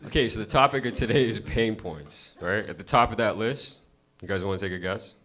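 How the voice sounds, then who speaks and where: A man's voice: fairly low pitch, fairly quick. A man doing a casual, profane stand-up set at an open mic, talking to the crowd conversationally. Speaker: stand-up comedian. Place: comedy club stage.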